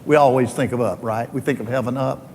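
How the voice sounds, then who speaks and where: A man's voice: mid-range voice, fairly even intonation, fast talker, darkish tone, big-room sound, a little hiss or hum. An older man with a Southern US accent, giving a homespun, joking faith talk full of stories as he addresses a team. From Alabama, US.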